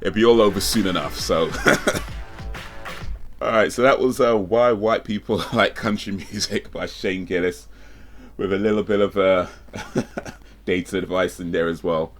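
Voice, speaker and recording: A man's voice: deep voice, measured pace, soft background music. A man hosting a reaction video, chatting casually and chuckling as he rambles about the clip. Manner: laid-back, chuckling, rambling.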